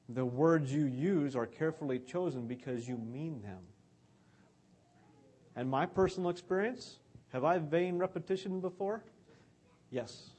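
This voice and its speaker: A man's voice: fairly high pitch, a little mellow, husky. A man giving an earnest, conversational sermon about scripture.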